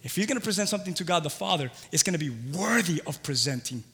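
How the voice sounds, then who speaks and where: A man preaching a sermon excitedly, swinging from quiet talk to shouting. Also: a little high, fast talker, in a large hall. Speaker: pastor.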